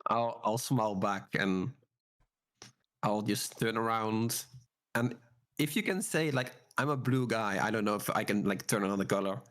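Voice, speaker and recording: A man's voice: lowish voice, normal speed, fairly bright tone. A man playing his character in a tabletop game, talking casually and often stumbling over repeated words. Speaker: player. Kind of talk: casual tabletop role-play.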